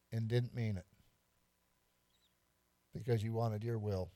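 A man's voice: mid-range voice, a little slow, pauses often, a little mellow, clear, resonant tone, no room sound. Guy preaching a sermon, chatty and joking, keeps asking the room stuff, dry sound. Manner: asks the congregation questions, repeats for emphasis, light humor. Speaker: pastor.

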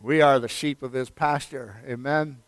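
A pastor preaches by swinging between loud, emphatic declarations and hushed near-whispers, repeating phrases and addressing his listeners as friend. His medium-pitched voice moves at a moderate pace, with no room sound.

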